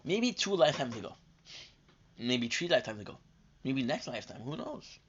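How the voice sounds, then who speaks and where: A man's voice: mid-range voice, big pitch swings, moderate pace, pauses often, husky. A man streaming live gameplay, talking casually and rambling with lots of fillers, tired and coming down with a cold. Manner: rambling, chatty, many fillers and restarts. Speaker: gaming streamer. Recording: dull lo-fi stream audio.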